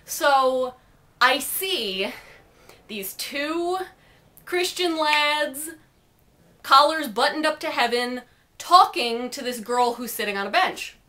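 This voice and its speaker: A woman's voice: high voice, animated, slow, pauses often, sharp tone. A young woman vlogger telling a story to camera in a rambling, snarky, casual way.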